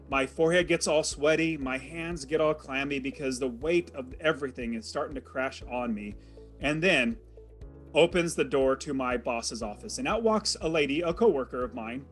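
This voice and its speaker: A man's voice: medium pitch, fairly bright tone. A man telling a personal story as an interview guest, in a vivid and dramatic way. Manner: vivid, dramatic retelling with acted quotes.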